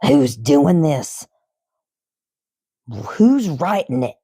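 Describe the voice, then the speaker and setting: A towering, furious headmistress snarls insults at a child, as a woman reads her aloud. Her voice is low and dark, dragged out slowly for emphasis. The sound is dry and close. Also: lively intonation, breathy edge, no room sound, exaggerated voice. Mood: shaken. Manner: barking insults, slow and emphatic.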